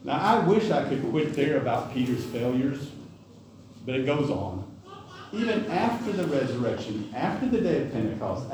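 A man's voice: fairly high pitch, mellow, a little hiss or hum. A man preaching a sermon in a folksy, conversational way, with asides and self-corrections. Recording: echoey hall, distant mic.

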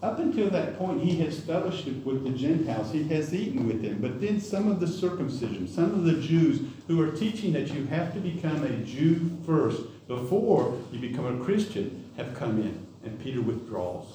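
A man's voice: a little high, sing-song, moderate pace, few pauses, dark tone, a little hiss or hum. A man preaching a sermon in a folksy, conversational way, with asides and self-corrections. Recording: echoey hall, distant mic.

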